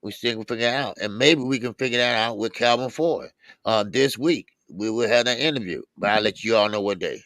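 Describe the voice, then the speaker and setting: A boxing show co-host with a fairly low-pitched voice, recorded with no room sound, chats casually during a live stream. One by one, he shouts out viewers in the chat with lively, stretched-out greetings.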